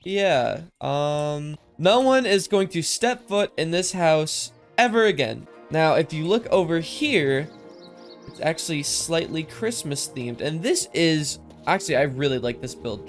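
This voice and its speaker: Easily amused, this gaming commentator rambles casually through his play in a slightly high, expressive voice at a measured pace. The filters on his desk microphone give his sibilants a lisp-like quality, and faint music runs underneath.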